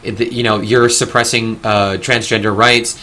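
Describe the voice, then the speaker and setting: A man's voice: on the low side, level tone, unhurried, bright, forceful tone, slight background noise. A young man hosting a casual discussion, talking earnestly in long, rambling stretches with frequent restarts. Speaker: discussion host.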